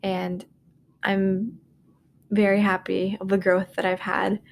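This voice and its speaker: A woman in her 20s speaks slowly and in a monotone, her mid-range voice showing vocal fry, as she hosts a casual solo podcast from her dorm room. She rambles, runs herself down, and says "like" and "um" a lot. Slight background noise is audible.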